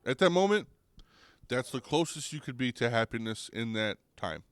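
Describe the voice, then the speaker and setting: A young man hosting a podcast, ranting comedically with lots of swearing and restarts, getting louder and higher when worked up. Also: lively intonation, normal speed, clean tone, no echo. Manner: rambling, profane, restarts, goes loud and high when riled. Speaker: podcast host. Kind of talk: comedic rant.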